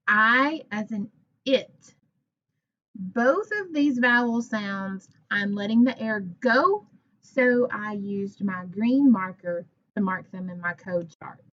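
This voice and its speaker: Slow, clear woman teaching phonics. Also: medium pitch, a bit bright, muffled recording. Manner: slow, clear, encouraging teacher talk with modeled sounds. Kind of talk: teaching a phonics lesson to children.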